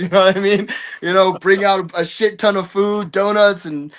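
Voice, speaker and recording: A man's voice: on the high side, fairly even intonation, brisk, hardly any pauses, fairly bright tone. A man talking casually as an interview guest, rambling and swearing, with lots of fillers. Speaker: guest fighter.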